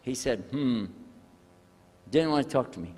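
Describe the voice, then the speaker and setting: An older man telling a personal story to an audience, animated and acting out the people in it. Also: mid-range voice, measured pace. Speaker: speaker telling his conversion story. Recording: echoey hall.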